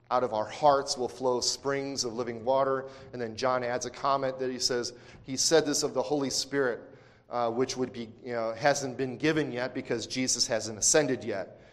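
A male pastor preaching a sermon, talking in a conversational way with asides and restarts, then swinging from quiet to loud emphasis. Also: medium pitch. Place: church sanctuary. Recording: long church hall reverb.

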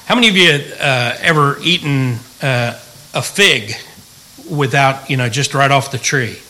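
A man's voice: medium pitch, measured pace, bright, forceful tone, rough recording. A middle-aged man, a pastor, teaching the Bible in a folksy, joking way and asking the room questions.

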